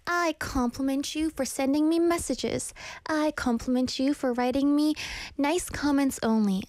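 A woman's voice: fairly high pitch, a little mellow, dry recording. A young adult woman casually reading viewers' comments aloud and telling rambling stories from her own life. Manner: chatty, storytelling, ranting. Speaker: streamer reading chat messages.

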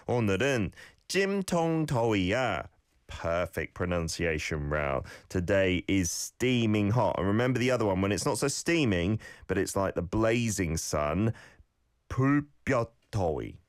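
A man's voice: deep voice, no echo, clean studio sound. A man hosting a radio language lesson, coaching listeners on their pronunciation with friendly feedback. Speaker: radio host teaching Korean.

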